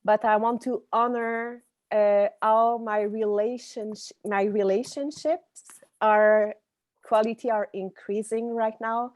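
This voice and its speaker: A woman's voice: a little high, fairly even intonation, takes it slowly, darkish tone. A woman with a French accent sharing on a video call, hesitant and repeating words as she searches for them. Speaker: participant.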